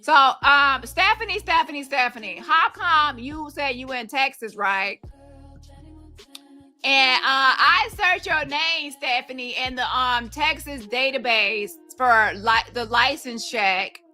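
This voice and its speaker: A woman hosting a casual livestream, talking to her viewers in a blunt, gossipy way. Her voice is bright and a little high, and faint music plays underneath. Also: takes it slowly. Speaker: livestream host.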